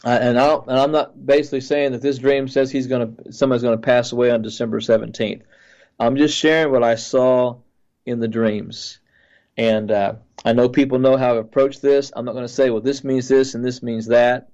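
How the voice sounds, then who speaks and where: A male pastor earnestly recounts a dream at a middling pitch, often stopping and restarting his sentences. The audio is slightly muffled and dull. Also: steady tone, a little mellow. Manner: earnest, halting, with frequent restarts.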